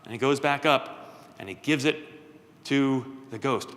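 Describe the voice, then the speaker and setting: A man telling a children's story at a worship service, playful and lively, with asides to his listeners. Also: medium pitch, a little slow. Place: church sanctuary. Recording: long church reverb.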